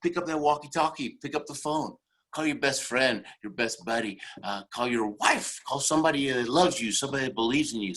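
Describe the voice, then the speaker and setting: A middle-aged man delivering a motivational keynote in a husky, slightly raspy voice. He tells his stories with animated energy and keeps checking in with the audience with "right?" and "okay?". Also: mid-range voice. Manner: animated storytelling, tags lines with "right?" and "okay?". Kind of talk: motivational speech.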